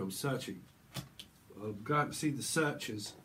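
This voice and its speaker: A man's voice: medium pitch, measured pace, fairly bright tone, a little hiss or hum. A man giving a rambling tarot reading to camera, playing with words and breaking into chuckles and silly voices. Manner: playful, free-associating wordplay. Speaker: tarot reader.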